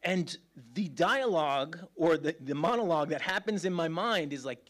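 A man's voice: high voice, very animated, normal speed, hardly any pauses, a bit bright. Joking, self-mocking male preacher. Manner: casual, joking and self-deprecating preaching, laughing often. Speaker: pastor. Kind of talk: sermon.

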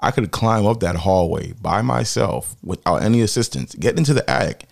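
A man co-hosting a podcast, blunt and animated, swearing freely as he talks. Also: on the low side, a little fast, vocal fry. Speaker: podcast co-host. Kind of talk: casual podcast chat.

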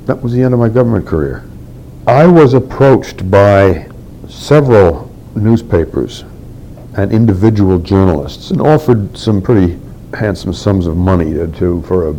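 A man's voice: on the low side, mellow, slight background noise, poor audio. An older man telling a candid story from his past in an oral history interview, acting out what others said.

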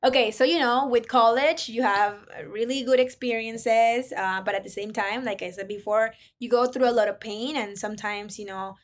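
Young woman from Ecuador, podcast guest, casual and reflective, fairly high voice. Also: normal speed, hardly any pauses. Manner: reflective, many fillers like "you know" and "like". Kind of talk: casual interview talk.

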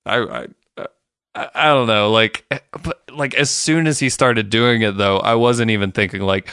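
A man with a lowish, bright and crisp voice talks through a show recap as a podcast co-host. His delivery is loose and conversational, full of "like" and offhand swearing. The sound is dry and close. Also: normal speed, dry recording. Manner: laid-back, swears casually, frequent fillers. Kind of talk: casual recap chat.

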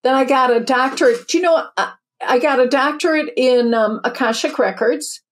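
A woman's voice: sits high, normal speed. A woman in her fifties or older, a spiritual teacher and author, telling her story in an interview in an earnest, chatty way with many restarts.

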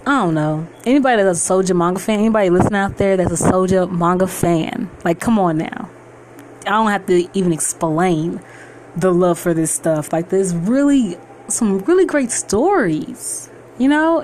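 Young woman podcaster, kinda low voice, gushing and rambling, lots of um and i dont know. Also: a little hiss or hum. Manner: excited, rambling, many fillers and restarts. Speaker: podcast host. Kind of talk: casual solo podcast intro.

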